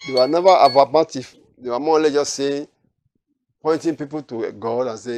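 A man preaching a sermon, repeating phrases and swinging from quiet asides to loud, emphatic declarations. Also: mid-range voice, a little fast, no echo.

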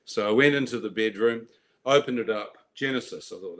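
A man telling his personal faith testimony in an animated way, acting out voices and laughing at his own story. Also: fairly low pitch, brisk, slight background noise.

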